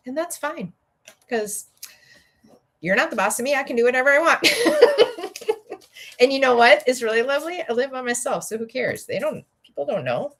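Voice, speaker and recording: A woman's voice: high-pitched, lively intonation, brisk, fairly bright tone. A middle-aged woman with a Minnesota accent, hosting a livestream from home and chatting with viewers in a rambling way, often laughing. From Minnesota, USA. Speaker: livestream host and educator. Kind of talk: casual livestream chat while building.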